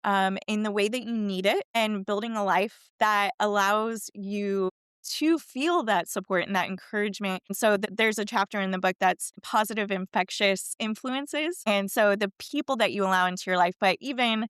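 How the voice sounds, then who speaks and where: A middle-aged woman, a fitness and wellness coach, telling a personal story in a casual interview, chatty and animated, acting out the voices she quotes. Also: mid-range voice, moderate pace, clean tone, no room sound, clean studio sound.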